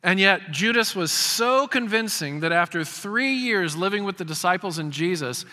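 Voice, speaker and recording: A man's voice: high voice, lively intonation, moderate pace, bright, forceful tone. A man in his fifties preaching a sermon as a pastor, emphatic and prone to repeating words as he starts a phrase. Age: 50s. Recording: long hall reverb.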